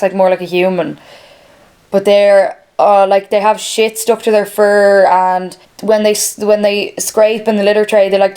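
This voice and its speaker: A woman's voice: mid-range voice, a little mellow. A woman in her twenties, vlogging at home in casual, rambling chat with a candid manner and free swearing.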